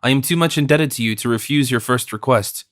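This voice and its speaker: A man voicing a commanding noble prince in an audiobook, measured and authoritative. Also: mid-range voice, fairly bright tone, dry recording, studio quality, natural voice. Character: commanding noble male prince, battlefield leader.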